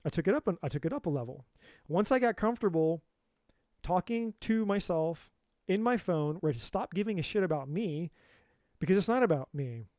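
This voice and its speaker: A man's voice: sits high, lively intonation, fairly quick, a little mellow, no echo, clean studio sound. A man in a casual livestream monologue as a tarot reader and coach, candid and profane, repeating himself for emphasis into a phone.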